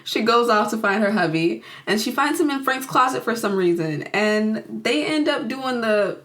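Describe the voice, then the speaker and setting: A woman's voice: fairly high pitch, lively intonation, moderate pace, a bit bright. Chatty, giggly young woman recapping a film. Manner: chatty and giggly, lots of "like", acting out the characters. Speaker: YouTuber reviewing a film.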